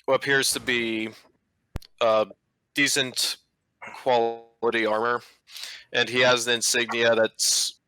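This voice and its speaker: A man's voice: mid-range voice, level tone, slow pace, long pauses, bright, forceful tone, slight background noise, poor audio. A man narrating as game master of a tabletop game, with loose, rambling narration.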